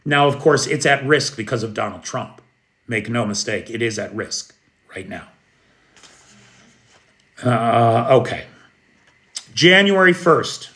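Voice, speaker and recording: Slow, emphatic American man commenting. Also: medium pitch, animated, a bit bright. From United States. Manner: emphatic, opinionated, addresses viewers by name. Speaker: news commentator. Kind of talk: live news commentary.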